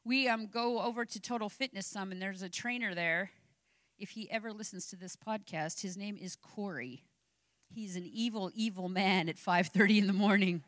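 A woman's voice: mid-range voice, moderate pace, no echo. A middle-aged woman delivering a sermon on a podcast, mixing personal stories with impassioned encouragement. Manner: animated preaching with personal anecdotes, rising to impassioned exhortation.

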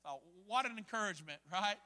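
A man preaching a sermon as a pastor, telling a story in an animated way and acting out voices. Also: high voice, quick pace, in a large hall. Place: church hall.

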